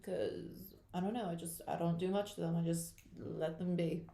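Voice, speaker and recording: A woman's voice: on the low side, fairly even intonation, moderate pace, vocal fry, roomy sound, noisy background. A young woman chatting casually on a livestream, rambling with lots of fillers as she talks to viewers. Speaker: tarot reader hosting a live chat. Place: home room at her computer.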